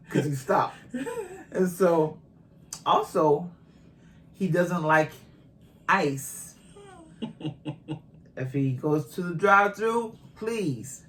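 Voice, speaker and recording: A woman's voice: on the low side, animated, extremely slow, long pauses, a bit bright. A woman in her fifties from Boston with a Boston accent, chatting casually and teasing her husband on their couple's channel, laughing often. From Boston, USA. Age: 50s. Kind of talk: casual chat.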